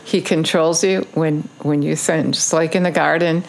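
A woman's voice: low voice, fairly even intonation, moderate pace, creaky, a little hiss or hum. A woman giving a casual video sermon, urging listeners in earnest, repetitive phrases with frequent ums. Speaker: online preacher.

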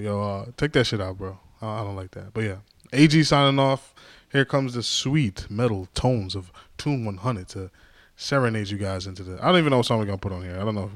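A man with a fairly low voice delivers a casual solo podcast monologue with no room sound. He wanders from topic to topic in a jokey, self-deprecating way.

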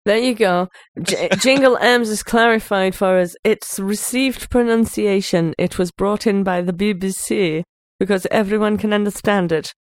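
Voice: medium pitch, moderate pace, few pauses, no room sound. Co-host from Britain, emphatic and laughing, dry close recording. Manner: laughing, emphatic, repeats phrases. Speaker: podcast co-host. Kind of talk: casual chat.

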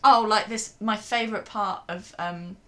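A woman's voice: mid-range voice, steady tone, a little slow, a bit bright. A young woman co-hosting a podcast in casual chat, often breaking into giggles. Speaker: podcast co-host.

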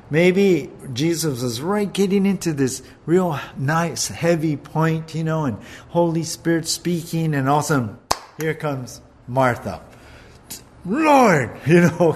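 A man's voice: fairly high pitch, a little hiss or hum. A man preaching a sermon in an earnest way, often repeating words and putting questions to his listeners. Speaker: pastor.

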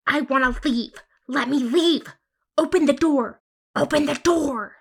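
A woman's voice: fairly high pitch, measured pace, vocal fry, fairly bright tone. Woman voicing a growling undead little girl. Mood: screaming demands.

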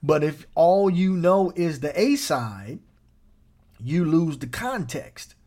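A man pastor preaching a sermon in a lively, playful way, breaking into chuckles and quick asides. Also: on the high side.

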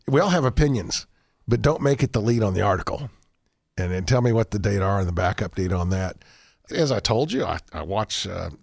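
A man's voice: lowish voice, creaky, no echo. Folksy man, dry studio sound. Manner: rambling, folksy, restarts often. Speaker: guest. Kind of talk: radio talk show interview.

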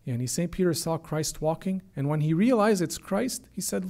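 A man's voice: fairly high pitch, lively intonation, moderate pace, gravelly, dark tone. A man preaching a sermon with earnest emphasis, often repeating his words and lifting his voice for quoted prayers. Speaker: priest.

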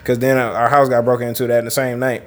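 A man's voice: mid-range voice, level tone, quick pace. A man co-hosting a casual podcast, telling stories, laughing often and acting out quotes. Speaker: podcast co-host. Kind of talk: casual chat, storytelling.

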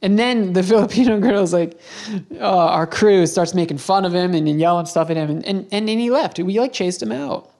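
A man's voice: high-pitched, moderate pace, vocal fry, a little mellow. A man hosts a podcast and tells a travel story in an easygoing, conversational way. He rambles, backs up and corrects himself as he goes. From United States. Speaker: podcast host.

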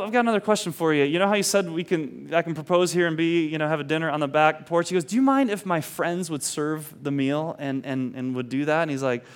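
A man telling a story in a relaxed, chatty way, often restarting his sentences and playing out each person's lines as he goes. His voice sits a little high and is smooth and clear. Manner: animated, many restarts, acts out the quoted dialogue. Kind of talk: casual anecdote retelling.

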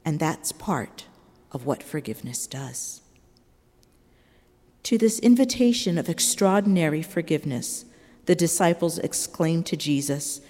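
Woman preacher, measured and earnest sermon delivery, warm low voice, long church reverb. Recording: long reverb of a large hall.

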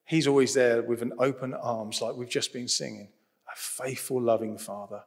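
A man preaching a sermon in a lively, humorous, conversational way. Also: medium pitch, normal speed, slightly rough. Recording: long reverb of a large hall.

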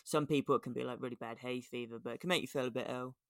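A relaxed man with a British accent talks casually on a podcast and swears a little. His voice is recorded dry and close, with no echo. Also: medium pitch, racing, creaky. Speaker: podcast co-host. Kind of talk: casual chat.

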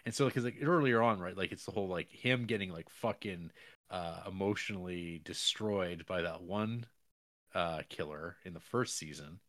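Low-voiced man, loose and sweary. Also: moderate pace, a bit bright, no echo. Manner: loose, swears, searches for words. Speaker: podcast co-host. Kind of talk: casual chat about a TV show.

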